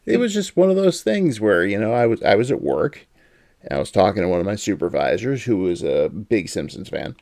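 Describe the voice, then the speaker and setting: A man's voice: fairly low pitch, big pitch swings, a little fast, creaky, darkish tone, dry recording, studio quality. A man hosting a casual podcast chat, telling anecdotes and laughing often. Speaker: podcast host.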